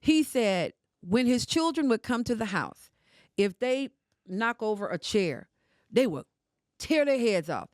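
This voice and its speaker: A woman's voice: a little high, very animated, measured pace, darkish tone, no room sound. Older woman, podcast guest, emphatic storyteller, dry studio sound. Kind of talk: emotional casual conversation.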